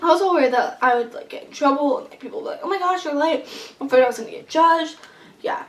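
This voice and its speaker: A young woman vlogger telling a long story in casual chat, rambling and excitable with lots of fillers. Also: high-pitched, racing. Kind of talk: casual storytelling while eating. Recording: echoey room, mic at a distance.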